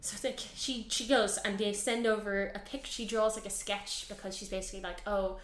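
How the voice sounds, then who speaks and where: A young adult woman co-hosting a podcast, casually recapping a TV series in an animated way, full of fillers and swearing. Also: mid-range voice, a little fast, roomy sound. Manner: animated, heavy filler use, swears freely. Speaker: podcast co-host.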